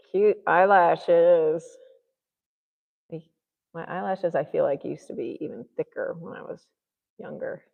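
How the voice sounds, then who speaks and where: A woman's voice: low-pitched, gravelly, in a large hall, narrow, tinny audio. A woman painting a self-portrait on a live stream, chatting casually and thinking aloud as she works. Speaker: artist livestreaming a painting session. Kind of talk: casual chat while painting.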